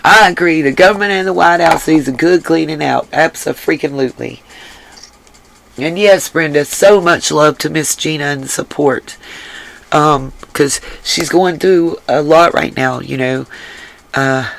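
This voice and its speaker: Gravelly, emphatic woman livestream host. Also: low-pitched, unhurried, rough recording. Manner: earnest and emphatic, repeats phrases. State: drained, voice rough from crying. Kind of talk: casual livestream talk, reading the chat.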